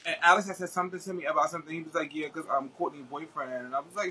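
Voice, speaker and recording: Guy talking kinda high and bright, rambly casual chat, lots of "like"s, faint ambience behind. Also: fairly even intonation, rapid-fire, husky, poor audio. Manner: rambling, many fillers and restarts. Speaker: guest.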